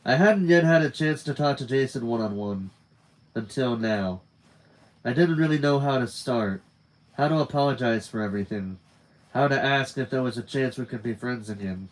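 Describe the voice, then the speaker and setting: Male narrator, mid-pitched voice, plain reading, some restarts. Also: moderate pace, rough recording. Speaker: reader. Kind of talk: reading a novel aloud.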